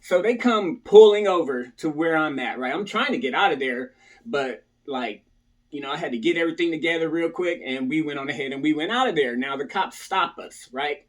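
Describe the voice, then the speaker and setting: A man's voice: a little high, expressive, fairly quick. Casual man telling a story to viewers. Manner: talks to viewers, repeatedly tags lines with "right?"; acts out other people's lines in a raised voice. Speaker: storyteller recounting his past.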